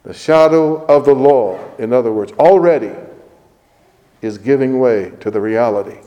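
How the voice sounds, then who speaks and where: A man preaching a sermon as a priest, slow and deliberate, stressing words as he reads scripture aloud. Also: mid-range voice, expressive, mellow, long reverb tail, low-quality recording.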